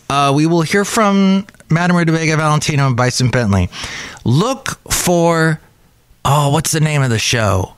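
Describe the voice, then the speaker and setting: Alone on his podcast, a man chats casually, drifting from aside to aside. He speaks at a medium pitch, and the recording has no room sound.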